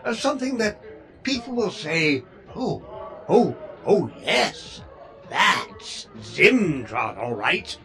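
A man voicing a vain, whiny male robot in a comedy audio drama, talking in a slow, self-important way. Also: a little high, sing-song, creaky, bright, forceful tone, faint music behind, heavily acted.

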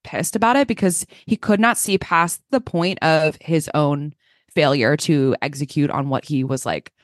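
A woman co-hosting a podcast with a slightly low voice. She sounds dry and close to the mic. She talks casually and fills her sentences with "like.". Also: moderate pace, no echo. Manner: filler-heavy, says "like" constantly. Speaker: podcast co-host. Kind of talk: casual chat.

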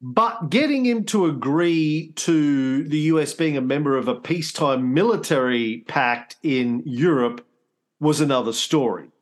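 A man's voice: a little high, a little slow. A man co-hosting a history podcast, explaining events with restarts and dry jokes. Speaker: co-host. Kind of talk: casual history podcast chat.

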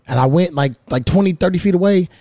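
A man in his thirties hosts a casual podcast, telling a story with lots of profanity and energy. His voice sits on the high side but sounds warm and mellow. The recording is close and dry. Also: fast, dry recording. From United States. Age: 30s. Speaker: podcast host.

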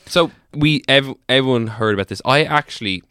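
A man's voice: medium pitch, fairly quick, sharp tone, smooth, dry recording, studio quality. An Irish man co-hosting a podcast, casually telling stories with wry jokes and some swearing. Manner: chatty, wry storyteller, swears. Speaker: podcast co-host. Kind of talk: casual chat.

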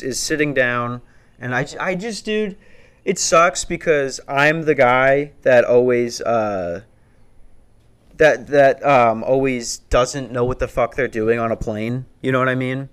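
A man's voice: mid-range voice, smooth. A man in his twenties telling a rambling, profane stand-up story that builds into a worked-up rant. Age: 20s. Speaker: stand-up comedian.

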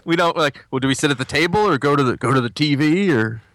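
A man's voice: on the high side, fast talker, fairly bright tone, no room sound. A man co-hosting a podcast, chatting casually with jokey asides. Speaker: podcast co-host. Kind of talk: casual chat.

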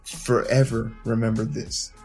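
A man hosting a podcast, telling a story in an animated, profane way, often stumbling and repeating words as he starts his sentences. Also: medium pitch, measured pace, soft background music. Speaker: podcast host. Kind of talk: storytelling monologue.

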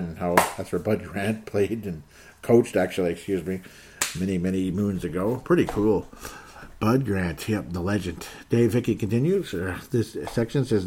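Husky, darkish, and pitched on the low side, the host of a casual sports podcast reads comments from listeners and banters, laughing often. At one point he puts on a playful Canadian accent for a moment.

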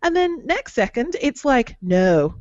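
A woman's voice: on the low side, lively intonation, normal speed, no echo, dull audio. Gushing, rambling woman podcast co-host. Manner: gushing, rambling, filler-heavy. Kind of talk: casual chat.

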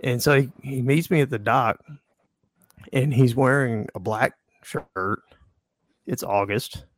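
A man's voice: medium pitch, slow pace, dry recording. A man who works as a fishing guide, telling a customer story in casual podcast chat with dry, easygoing humor. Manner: laid-back storyteller, dry humor, chuckles.

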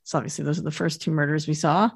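A woman co-hosting a podcast, narrating a TV episode's plot step by step in a relaxed way. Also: low-pitched, racing, vocal fry, husky. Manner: steady, detailed plot narration. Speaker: podcast co-host. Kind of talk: casual recap chat.

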